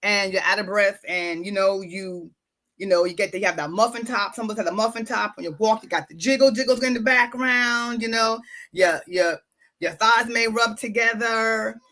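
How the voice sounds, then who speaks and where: A woman's voice: medium pitch, normal speed, bright, forceful tone. A woman podcast host and wellness coach talking casually and emphatically, often repeating her words and speaking straight to her listeners. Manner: repetitive, emphatic, addresses listeners directly. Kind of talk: casual motivational talk.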